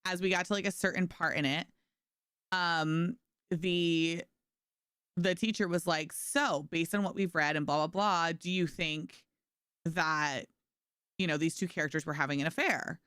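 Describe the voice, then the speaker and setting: Young woman, low smooth voice, dry close mic, casual streamer chat, animated storytelling. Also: measured pace, dry recording. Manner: animated, acts out quoted voices, laughs often. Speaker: gaming streamer.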